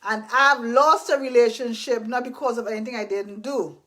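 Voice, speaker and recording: A woman's voice: fairly high pitch, fairly even intonation, moderate pace, pushed and bright. A woman giving earnest, faith-based life advice in a casual talk, repeating herself and acting out apologies. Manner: earnest and repetitive, acts out apologies.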